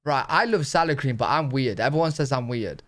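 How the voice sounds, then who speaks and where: A British man, hosting a reaction video and chatting casually about what he watches. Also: mid-range voice. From Britain. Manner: chatty, excitable, asks quick questions.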